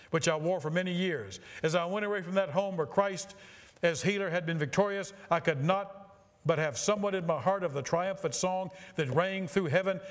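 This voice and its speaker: A man preaching a sermon, reading a story aloud with passion and slowing for emphasis. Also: sits high. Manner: impassioned reading that slows for emphasis.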